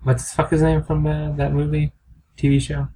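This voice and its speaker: A man's voice: fairly high pitch, completely flat delivery, normal speed, mellow, slight background noise. A man co-hosting a comedy podcast in casual chat, rambling, crude and self-mocking. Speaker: podcast co-host.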